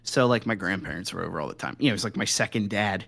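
A man's voice: lowish voice, rapid-fire, creaky, fairly bright tone. A man co-hosting a podcast in casual chat, telling long rambling stories full of swearing and "like". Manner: rambling, profane storytelling with frequent "like" and laughs. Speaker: podcast co-host.

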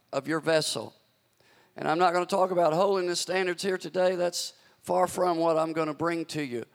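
A man's voice: fairly high pitch, fairly even intonation, moderate pace, vocal fry. A man preaching a sermon as pastor, stretching out scripture phrases with dramatic emphasis. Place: church sanctuary. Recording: long hall reverb.

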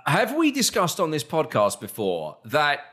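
A man with a Southern British accent, his voice sitting a little high for a man. He chats casually as a podcast host, wandering through self-mocking anecdotes and voicing the people in them. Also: wildly swooping pitch, measured pace, a bit bright, breathy edge. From southern England. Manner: rambling, self-mocking anecdotes with acted-out quotes. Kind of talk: casual chat, storytelling.

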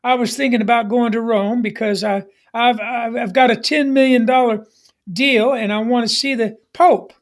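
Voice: medium pitch, steady tone, normal speed, close to an everyday voice. A preacher voicing a male salesman, told as a joke within a sermon in a plain, matter-of-fact voice. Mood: pleased. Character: cheerful traveling salesman, a man.

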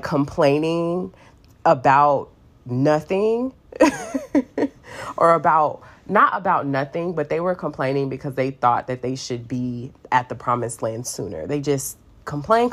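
A woman giving a casual, playful Bible talk full of fillers and asides. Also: deep voice. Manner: chatty and playful, many fillers, acts out voices. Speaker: Bible teacher. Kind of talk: casual devotional teaching.

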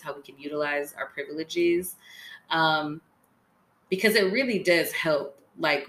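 Earnest low-voiced woman podcast host. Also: bright, forceful tone, reverberant, slight background noise. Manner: earnest, many fillers like "um" and "like". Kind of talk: casual podcast chat.

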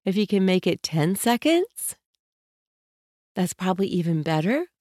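A woman giving a spoken self-help lesson as a coach. She talks in a gentle, earnest way and varies her tone on purpose. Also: lowish voice, big pitch swings, unhurried, no room sound, studio quality.

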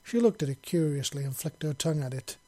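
A man reading a fantasy audiobook in plain, steady narration. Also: on the high side, fast talker. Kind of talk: scripted narration.

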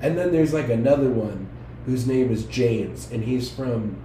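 A man's voice: mid-range voice, unhurried, mellow, slight background noise. A man from New England chatting as a podcast guest, rambling and cracking crude jokes with frequent laughs. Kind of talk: casual podcast chat. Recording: roomy, distant mic, faint ambience.

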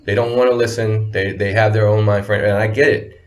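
Low-voiced, deliberate male guest. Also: flat delivery. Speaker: music producer guest. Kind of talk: casual chat.

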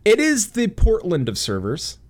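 A man's voice: high-pitched, huge pitch swings, normal speed. A man from the United States hosting a casual podcast chat, joking and laughing often, with plenty of restarts. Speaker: podcast host.

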